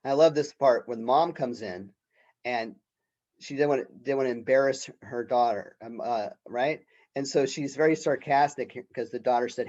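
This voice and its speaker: A man's voice: mid-range voice, moderate pace, a little mellow, dull audio. A man lecturing on a play as a college professor, talking off the cuff with fillers and frequent "right?", and reading quoted lines with some expression. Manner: unscripted, with fillers and rhetorical "right?".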